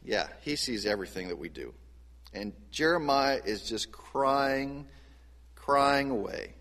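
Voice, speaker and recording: A man preaching a sermon as pastor, animated, his voice swinging from soft and low to loud and high. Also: unhurried, big-room sound. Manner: animated preaching with wide swings of pitch and loudness.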